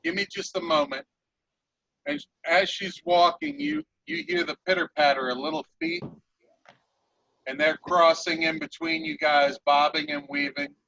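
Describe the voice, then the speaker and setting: A man narrating a tabletop game as game master, unhurried and animated. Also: on the high side, gravelly, dull audio.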